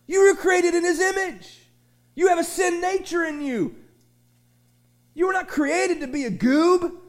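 High-voiced folksy preacher man. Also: a little slow. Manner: folksy, rambling storyteller with frequent restarts and shouted refrains. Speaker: pastor. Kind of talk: sermon. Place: small church sanctuary.

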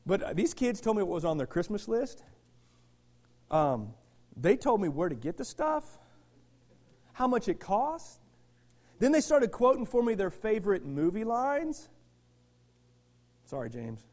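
Man, very high voice, pastor, impassioned sermon, rhetorical questions, shouts then quiet asides. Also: big pitch swings, a little slow, long pauses.

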